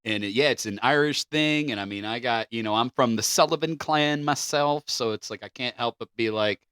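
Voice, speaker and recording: A man's voice: medium pitch, fairly quick, fairly bright tone, clear, resonant tone, no echo. A man co-hosting a podcast, reading facts from notes and then joking around casually. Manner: joking, loose, swears casually. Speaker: podcast co-host.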